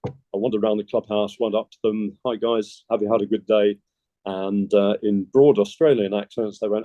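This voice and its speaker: Low, mellow-voiced man telling stories. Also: steady tone, moderate pace, dry recording. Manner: easygoing anecdotal speaker. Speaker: golf club secretary. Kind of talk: casual interview storytelling.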